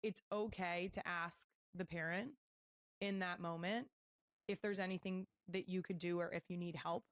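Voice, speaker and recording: A woman hosting a podcast, giving calm, matter-of-fact advice. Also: on the low side, normal speed, no echo, studio quality. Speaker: podcast host.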